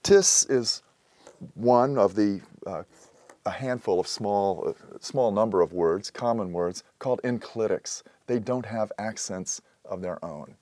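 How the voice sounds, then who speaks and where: A man explaining a language lesson in a measured way, pausing often with "uh" as he works through examples. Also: fairly low pitch, dark tone, no room sound. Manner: measured, explanatory, with frequent "uh" pauses. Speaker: teacher. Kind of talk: recorded lecture.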